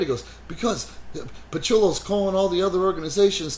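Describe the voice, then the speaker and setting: Brash man, podcast host, swears freely, lively storyteller, slight noise under the voice. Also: a little high, fast talker. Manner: animated, swears heavily, frequent "you know". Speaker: wrestling promoter and podcast host. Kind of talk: casual profane podcast storytelling.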